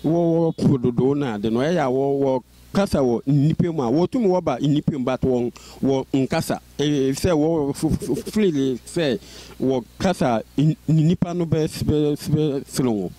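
Man with a stutter telling his story, repeats sounds a lot, mellow and kinda high. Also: normal speed, no echo. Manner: stutters, with repeated syllables and restarts. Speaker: interview guest. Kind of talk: personal life-story interview.

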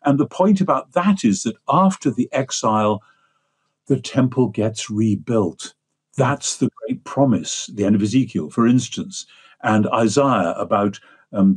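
A guest theologian from England, this older man lectures discursively and at length during an interview. He speaks in a fairly low, darkish voice with a breathy edge.

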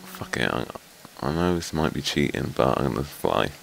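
A man's voice: a bass voice, expressive, moderate pace, gravelly, a bit bright, a little hiss or hum. A man playing a game with a friend, swearing a lot and raging at the enemies that keep killing him. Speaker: gamer. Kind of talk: casual gaming chat.

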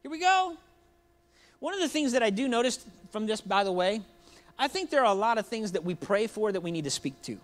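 A man's voice: high voice, expressive, quick pace. A man preaching a sermon in a church, joking and conversational, addressing the congregation directly. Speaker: pastor.

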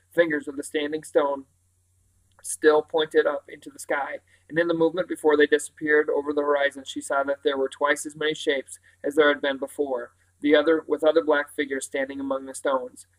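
A man reads a novel aloud in a steady, even voice that barely rises or falls. His pitch sits a little high, and now and then he stops to correct a slip. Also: poor audio. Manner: steady reading with occasional self-corrections. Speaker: reader.

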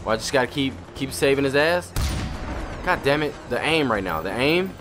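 A young man doing profane, excitable let's-play commentary. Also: medium pitch, moderate pace, background noise. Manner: profane, excitable trash talk. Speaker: gamer commentator.

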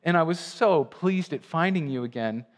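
A man's voice: a little high, animated, takes it slowly, big-room sound, voice pushed up. A man voicing a timid young girl who pleads anxiously with a lion, during a sermon reading. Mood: dismayed.

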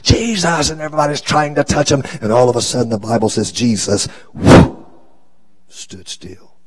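A man preaching a live sermon as a bishop, with a preacher's cadence that swings from shouting to hushed tones. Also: mid-range voice, fairly quick, breathy edge.

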